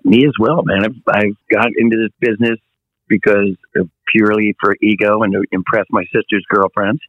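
A middle-aged man tells stories in a relaxed interview chat, jumping into little acted-out voices as he goes. The sound is dry and a bit dull, like a lo-fi recording. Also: on the low side, fairly quick, no room sound. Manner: animated storyteller, acts out voices. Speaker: touring rock singer, guest.

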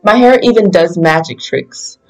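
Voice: medium pitch, moderate pace, darkish tone, soft background music, rough recording. A reader giving a children's picture book a plain first-person reading. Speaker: storyteller.

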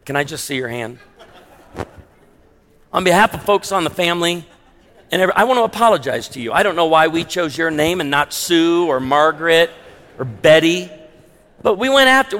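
Male pastor, fairly high voice, emphatic sermon delivery with wry asides, long sanctuary reverb. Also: a bit bright. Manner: emphatic, slows down hard on key lines, wry asides.

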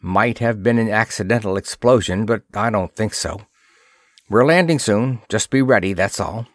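A man's voice: on the low side, normal speed, no room sound, studio quality, natural voice. A man voicing a stern male spaceship commander who gives clipped, decisive orders. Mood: grim.

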